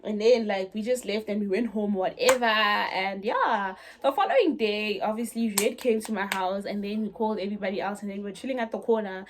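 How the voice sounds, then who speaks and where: A woman's voice: mid-range voice, brisk, hardly any pauses, noisy background. A young woman telling a dramatic story in a chatty vlog, speaking straight to her viewers. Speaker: vlogger. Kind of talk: casual storytime.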